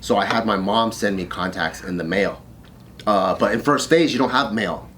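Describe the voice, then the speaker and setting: A man's voice: lowish voice, normal speed, a bit bright, a little hiss or hum. Profane laughing man telling a story. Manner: profane, laughing storyteller acting out drill instructors. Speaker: podcast co-host telling a story. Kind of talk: casual chat.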